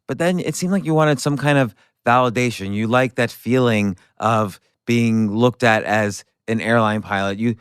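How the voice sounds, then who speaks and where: A man's voice: mid-range voice, moderate pace, few pauses, smooth, no room sound, studio quality. A man hosting a podcast, asking curious questions and often restarting his phrases as he works them out. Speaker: podcast host. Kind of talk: interview questions.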